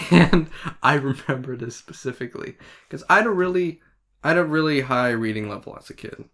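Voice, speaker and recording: A man's voice: medium pitch, lively intonation, moderate pace, a bit bright. A young man chatting casually on a podcast, laughing often and rambling as he tells a story. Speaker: podcast guest. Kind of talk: casual chat.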